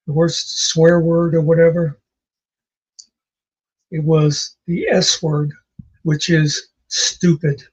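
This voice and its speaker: A man's voice: on the high side, little pitch movement, slow, pauses often, slightly rough, low-quality recording. A man co-hosting a casual chat, telling rambling stories with many fillers. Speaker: podcast co-host.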